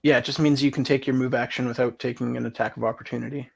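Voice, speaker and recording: A man's voice: medium pitch, little pitch movement, fast, gravelly, slightly rough. A man running a tabletop game as game master, matter-of-fact and asking about the rules.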